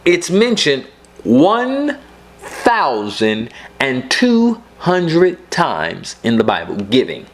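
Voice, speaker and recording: Animated, emphatic male preacher. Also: sits high. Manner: emphatic, repeats key points. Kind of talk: sermon.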